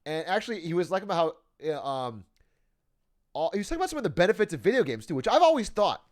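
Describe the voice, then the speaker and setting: A young adult man talks casually to his stream chat. His pitch sits a touch high and swings widely as he laughs and swears his way through his thoughts. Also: fast talker. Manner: animated, laughing, swears often, reads out chat.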